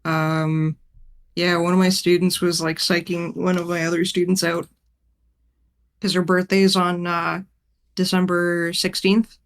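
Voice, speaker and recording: A woman's voice: fairly low pitch, flat delivery, unhurried. A woman teacher chatting casually on a game stream, telling a rambling story, swearing freely and laughing often. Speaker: art teacher and tabletop game player.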